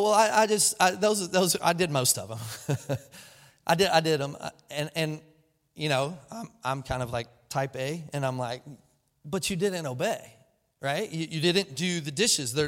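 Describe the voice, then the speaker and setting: A male pastor in his thirties delivers a sermon in a casual, conversational way, with a fairly high voice. He often restarts and doubles his words and slips into quoted voices. The sound carries the long reverb of a large church auditorium. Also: fairly bright tone.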